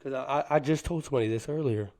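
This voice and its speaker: A man's voice: medium pitch, rapid-fire, mellow. A man co-hosting a sports podcast, talking with hyped, boastful energy and Southern slang. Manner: fired-up, boastful fan talk with Southern slang like "them boys" and "cuz". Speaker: podcast co-host.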